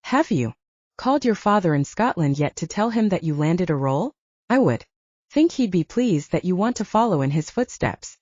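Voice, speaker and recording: A woman's voice: on the low side, very animated, moderate pace, darkish tone, no echo, muffled recording. A woman voicing an outspoken, opinionated young woman intern in an audiobook.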